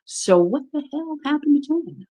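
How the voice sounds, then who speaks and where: A woman's voice: high-pitched, lively intonation, moderate pace, dark tone. A woman co-hosting a livestream, folksy and chatty, greeting viewers by name. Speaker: livestream co-host. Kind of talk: casual livestream chat.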